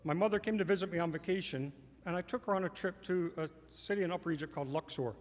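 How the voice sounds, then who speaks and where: This man's voice is high-pitched and fast as he recounts a personal story on stage in a large hall for a live audience. He stays conversational and amused, laughing through his lines, and long hall reverb colors the recording.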